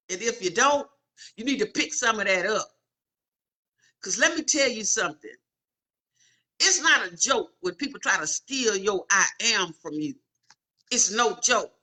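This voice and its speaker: A middle-aged woman preaches an inspirational talk with a high, bright voice. She repeats her points with emphasis and keeps calling out to her listeners. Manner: emphatic, repetitive, calls out to listeners. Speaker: inspirational speaker.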